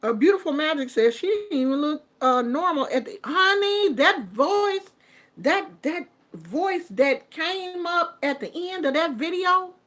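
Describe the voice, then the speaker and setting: High, bright, chatty middle-aged woman. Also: measured pace. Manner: animated, chatty, laughs often, sings snippets. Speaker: vlogger commenting on online drama. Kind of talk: casual commentary vlog.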